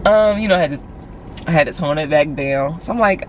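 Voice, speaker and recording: A woman's voice: sits low, a little fast, a little hiss or hum. Chatty young Philadelphia woman vlogging. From Philadelphia, USA. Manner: animated, chatty, heavy use of "like". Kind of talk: casual vlog storytelling.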